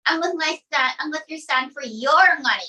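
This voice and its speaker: A sassy puppet girl with a brassy, cheeky delivery , as a woman voices her. The voice sits high. The sound is a little distant from the mic. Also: normal speed, pushed and bright. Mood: smug. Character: sassy young woman puppet, brash gold-digger. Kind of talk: ventriloquist puppet act.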